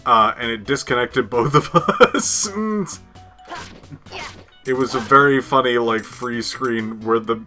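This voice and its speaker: Bright-voiced man chatting in slow rambling fashion. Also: medium pitch, soft background music. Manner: rambling, many fillers, laughs often. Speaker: co-host. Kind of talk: casual chat about video game glitches.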